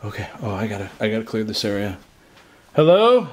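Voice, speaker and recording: A man's voice: fairly low pitch, flat delivery, very fast, slight background noise. A man filming a ghost-hunting vlog alone inside an abandoned house, nervous and jumpy, swearing often. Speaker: paranormal investigator vlogger.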